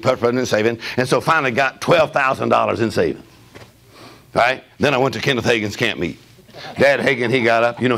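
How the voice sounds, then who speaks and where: An older man preaching a storytelling sermon in a church service, animated and laughing, with a punchy preaching manner. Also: medium pitch. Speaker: guest preacher. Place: church service with responding congregation. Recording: live church hall with congregation audible.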